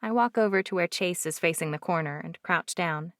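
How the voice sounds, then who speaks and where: A woman narrating a first-person romance audiobook in a lively, expressive way. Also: on the low side, a little fast, few pauses, no room sound, clean studio sound.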